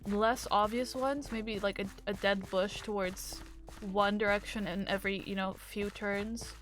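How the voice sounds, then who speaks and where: A woman's voice: mid-range voice, steady tone, unhurried. A woman giving chatty, upbeat commentary on her gameplay as a gaming video host, with rambling asides. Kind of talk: casual game commentary.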